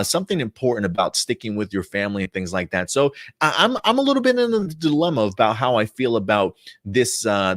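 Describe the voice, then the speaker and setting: A man hosting a casual show review, talking in an animated, chatty and frank way. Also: on the low side, no room sound, clean studio sound.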